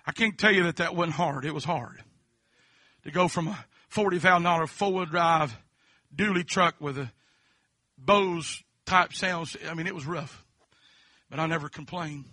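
A man preaching a folksy testimony sermon, dotting his story with amens and swinging between quiet talk and shouting. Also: fairly high pitch, moderate pace, pauses often, no room sound, clean studio sound. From Kentucky.

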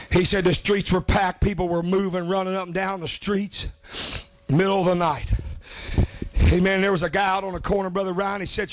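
A man preaching a revival sermon, chanting with a gasped "uh" before each phrase. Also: sits high.

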